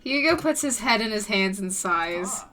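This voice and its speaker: A woman's voice: mid-range voice, expressive, measured pace, sharp tone, a little hiss or hum. A woman from the United States streaming, reading a visual novel aloud with friends, giggly and self-deprecating.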